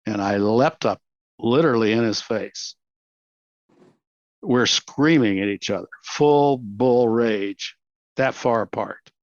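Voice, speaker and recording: An older man in his seventies with a Texan accent recounts his story with lively energy, slipping into the voices of the people he quotes. His recording sounds dull and dry, with no room around him. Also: on the low side, slow, long pauses, dry recording. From Texas, USA. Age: 70s. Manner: animated, acts out quotes, laughs often. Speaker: interview guest. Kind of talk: reflective storytelling.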